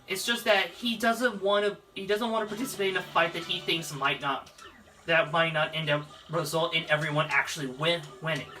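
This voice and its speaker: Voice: mid-range voice, bright, forceful tone, distant mic. A let's play narrator giving casual, rambling gameplay commentary, with game music behind. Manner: rambling, laughs often.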